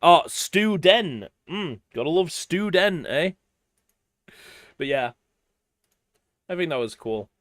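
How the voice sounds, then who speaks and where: A man's voice: on the high side, expressive, takes it slowly, pauses often, no echo, studio quality. A man streaming a game, rambling casually and swearing. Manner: rambling, swearing, self-deprecating. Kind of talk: casual commentary while playing.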